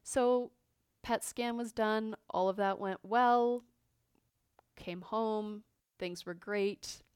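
A woman's voice: medium pitch, fairly even intonation, drawn-out words, darkish tone, clear, resonant tone, dry recording, clean studio sound. A woman in her fifties hosting a podcast, telling a personal story in a candid, reflective way with frequent fillers and restarts. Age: 50s. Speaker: podcast host.

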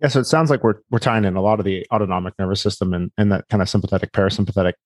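A man's voice: fairly low pitch, steady tone, racing, dry recording, clean studio sound. A man interviewing, posing probing questions full of clinical jargon, with restarts as he shapes them.

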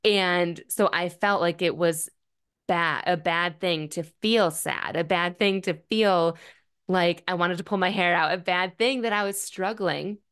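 A woman in her thirties talking candidly and earnestly about her feelings, in measured phrases with small pauses and restarts. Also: fairly low pitch, a bit bright, smooth. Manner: earnest, candid, self-reflective. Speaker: journaling vlogger. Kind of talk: reflective personal talk.

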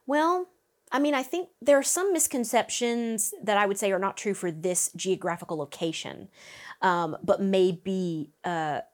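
Energetic woman vocal coach. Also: medium pitch, unhurried. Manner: animated and upbeat, breaking into vocal demonstrations. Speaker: vocal coach, interview guest. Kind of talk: lively interview conversation. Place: Nashville.

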